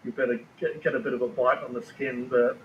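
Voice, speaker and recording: Man, casual live chat, flat level delivery, swears easily, roomy room with faint hum. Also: medium pitch, a little fast, narrow, tinny audio. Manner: rambling, restarts often, swears casually. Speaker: food review video maker. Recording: roomy space with faint ambient noise.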